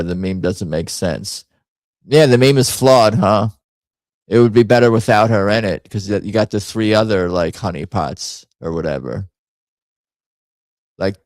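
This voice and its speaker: Low-voiced man rambling over memes. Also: darkish tone, dry recording. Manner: rambling, self-interrupting, wry asides. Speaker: host. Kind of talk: casual livestream chat reviewing memes.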